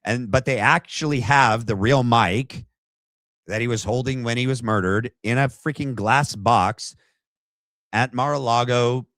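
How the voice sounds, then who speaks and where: Slow, sarcastic male commentator. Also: mid-range voice, fairly bright tone, no room sound. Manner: sarcastic, mocking; slangy, with frequent fillers. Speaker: podcast host. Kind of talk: casual commentary reacting to a clip.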